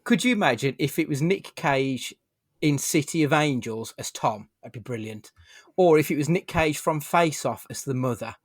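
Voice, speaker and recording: A male podcast host in loose, jokey conversation who swears casually and steers the talk. His voice sits a little high for a man. The sound is close and dry, with no room echo. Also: expressive, moderate pace. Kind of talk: casual film-review chat.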